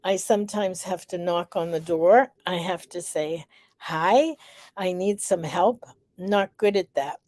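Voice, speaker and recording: Middle-aged woman on a live vlog, slow and mellow, kinda breathless, lots of ums. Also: on the low side, dry recording. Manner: warm, reflective, unhurried with many fillers. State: slightly out of breath. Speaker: vlog host. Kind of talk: casual live vlog reflection.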